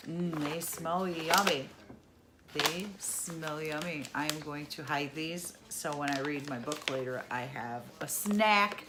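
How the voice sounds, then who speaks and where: A middle-aged woman with a deep voice takes it slowly as she unboxes a subscription box on her vlog, heavy background noise behind her. She chats casually, exclaiming over each item and laughing at her own mispronunciations.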